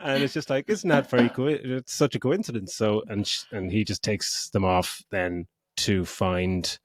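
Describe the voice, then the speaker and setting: A man's voice: fairly low pitch, moderate pace, dry recording, clean studio sound. A middle-aged man co-hosting a podcast, chatting casually, swearing and giggling as he rambles. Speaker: podcast co-host. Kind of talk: casual chat.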